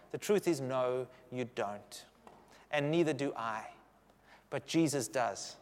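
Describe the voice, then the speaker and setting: Pastor, animated and joking, preaching in a reverberant hall. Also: male voice, a little high. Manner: humorous, animated preaching with audience asides. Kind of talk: sermon. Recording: long reverb of a big hall.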